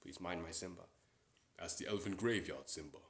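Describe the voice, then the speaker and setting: Brief: regal cartoon lion king, put on by a man, deep and grave, in an echoey room. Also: brisk. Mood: solemn. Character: regal old male lion king, wise and stern. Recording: roomy echo.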